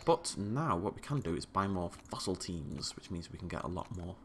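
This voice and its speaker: A man's voice: low voice, very animated, normal speed, a little hiss or hum. A man hosting a video game let's play, giving casual, playful commentary and chatting to the characters on screen.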